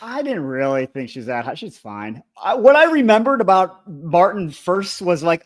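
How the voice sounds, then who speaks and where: A man co-hosting a review podcast, talking through a sitcom episode in loose, casual chat. His pitch moves a lot as he goes. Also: big pitch swings, normal speed, few pauses. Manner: recapping the plot with fillers. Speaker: podcast co-host.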